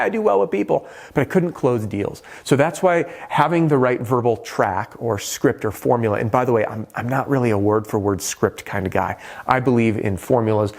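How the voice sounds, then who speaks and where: A man, a roofing sales trainer, giving a direct-to-camera sales training talk, animated and playing with pauses and tone. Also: lowish voice.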